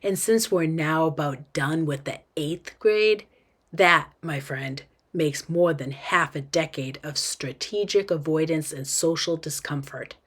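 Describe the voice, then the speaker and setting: A woman teacher reading a first-person novel aloud, with an expressive manner. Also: low-pitched, a little slow.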